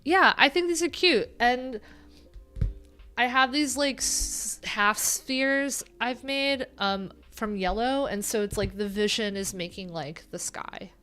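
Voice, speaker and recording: A woman's voice: on the high side, expressive, takes it slowly, pushed and bright, clean tone, soft background music. A woman with a nasal voice chatting casually on her livestream, rambling and joking at her own expense. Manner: chatty, rambling, self-deprecating. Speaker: livestream host.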